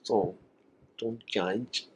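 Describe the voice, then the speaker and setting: His voice is fairly low and breathy-edged, with fairly even intonation and drawn-out words. The young makeup vlogger chats casually to camera, rambling, emotional and often laughing.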